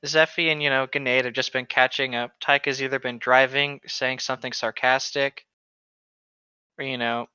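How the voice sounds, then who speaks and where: Bright-voiced man joking at the game table. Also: medium pitch, little pitch movement, moderate pace, clear, resonant tone, dry recording. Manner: laughs often, joking. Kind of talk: casual tabletop game chat. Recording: dry, dull lo-fi mic.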